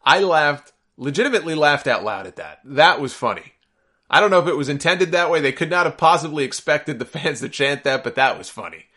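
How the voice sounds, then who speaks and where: A man's voice: a little high, animated, fairly quick, bright, forceful tone. A man hosting a solo podcast, giving sarcastic, opinionated commentary and getting exasperated and worked up. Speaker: podcast host.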